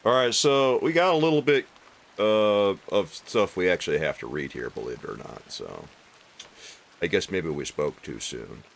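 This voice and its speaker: Low-voiced joking gaming streamer. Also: male voice, sing-song, moderate pace, creaky. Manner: joking, crude, chatty with viewers. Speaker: let's play streamer. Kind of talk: casual gaming commentary.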